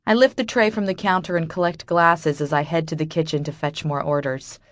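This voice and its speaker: A woman narrates a first-person audiobook in a bitter, wry inner-monologue manner. Her voice sits on the low side for a woman. The recording is dry and close, with no room sound. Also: steady tone, a little fast, dry recording.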